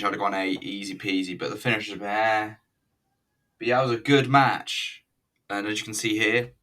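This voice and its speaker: A man's voice: lowish voice, a bit bright, recorded from a distance. A man casually reviewing an old wrestling event, rambling, swearing and joking as he watches. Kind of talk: casual video commentary.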